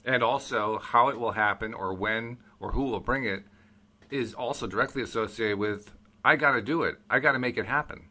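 A man's voice: mid-range voice, normal speed, sharp tone. A man hosting a casual talk show, chatty and easygoing, thinking aloud as he goes. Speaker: podcast host. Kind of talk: casual chat.

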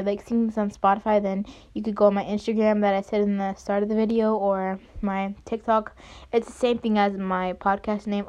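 A woman's voice: mid-range voice, a little mellow. A young woman hosting a casual solo podcast, rambling with many fillers and restarts. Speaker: podcast host. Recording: dull lo-fi home recording.

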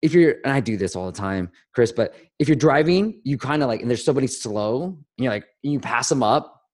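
A man in his thirties hosting a casual chat, animated, acting out stories in a raised voice. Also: mid-range voice, fairly quick. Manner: animated, acts out quotes in a raised voice. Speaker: podcast host.

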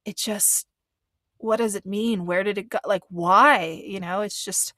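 A woman's voice: medium pitch, steady tone, measured pace, a bit bright, no room sound, studio quality. A woman giving casual, earnest commentary on a reality show, rambling with frequent restarts and getting emotional.

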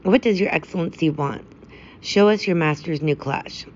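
Figure: pompous old male general read by a woman. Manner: gruff, commanding. Pitch: low. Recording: slightly dull lo-fi audio. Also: normal speed, a little mellow, a little hiss or hum, lightly acted. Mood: imperious.

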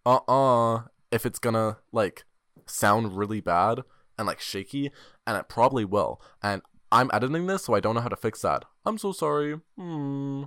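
A seventeen-year-old boy hosts a solo podcast, rambling, joking and poking fun at himself into a desk microphone. His male voice is medium-pitched, animated and a bit bright, at a moderate pace. The recording is dry, with studio quality.

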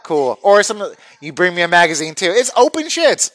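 A man's voice: high voice, very animated, moderate pace, a bit bright, dry recording. A man telling a crude comic story, acting out other people's voices with big jumps.

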